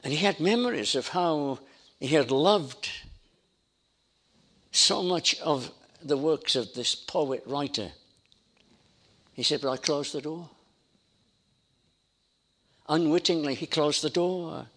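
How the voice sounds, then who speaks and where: A man's voice: on the high side, slow pace, long pauses, a bit bright. A man preaching a sermon in an emphatic style, building his points through repetition. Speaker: pastor.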